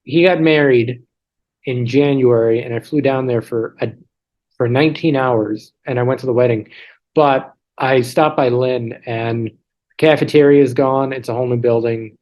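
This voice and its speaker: A man's voice: mid-range voice, fairly even intonation, normal speed, lo-fi sound. A man in his thirties, a guest telling stories in a chatty, self-deprecating way with many restarts, heard over a video call. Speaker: interview guest.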